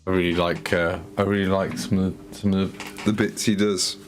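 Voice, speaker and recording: A very low-voiced man chats idly while painting miniatures on a stream. He rambles in a relaxed way and often restarts his sentences. Faint music plays in the background. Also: moderate pace.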